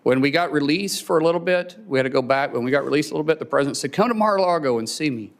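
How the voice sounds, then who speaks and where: A man testifying at a hearing, telling a personal story in a halting way that repeats words and chokes up with emotion. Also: on the high side, expressive. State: emotional, near tears. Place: hearing room.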